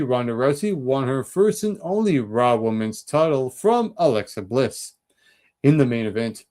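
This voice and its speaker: A male show host running down an on-this-day list with a lively, up-and-down delivery and quick asides. Mid-pitched and animated. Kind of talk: reading an on-this-day segment.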